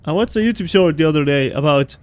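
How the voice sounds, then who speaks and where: Fast-talking and fairly high-pitched, a man keeps up casual, rambling chat as he plays a video game on stream, laughing frequently.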